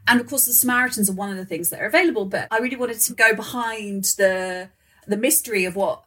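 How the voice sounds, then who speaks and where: Woman, podcast host, supportive, thoughtful, mid-pitched voice. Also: quick pace, a bit bright. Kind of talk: interview.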